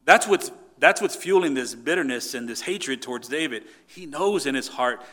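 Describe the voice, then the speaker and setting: A man preaching a sermon, emphatic and swinging between loud points and quiet asides. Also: medium pitch, animated, moderate pace. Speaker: pastor.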